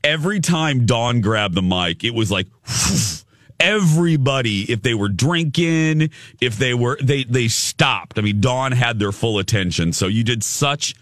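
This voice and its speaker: A man hosting a radio show, telling an animated, rambling story with frequent restarts. His pitch swings up and down a lot as he talks. The studio sound is close and dry. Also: measured pace, dry recording. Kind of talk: casual on-air chat.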